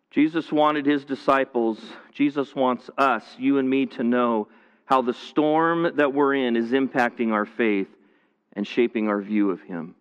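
Speaking at a measured pace with a clean, medium-pitched tone, a pastor addresses viewers at home from a large church hall, though the audio comes across dull. He preaches earnestly and casually, often repeating phrases and beginning sentences again.

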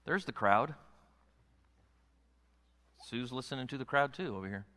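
An expressive, unhurried male pastor preaches in a bright, forceful mid-range voice. He swings between soft, intimate passages and loud, pressing exhortation while the sound rings with a large sanctuary's long reverb.

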